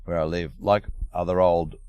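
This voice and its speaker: Deep-voiced wry Australian comedian. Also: male voice, fairly even intonation, moderate pace, darkish tone, clear, resonant tone, dry recording, highs cut off. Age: older. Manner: wry, storytelling, dry humour. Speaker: comedian guest. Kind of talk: casual chat. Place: moving car.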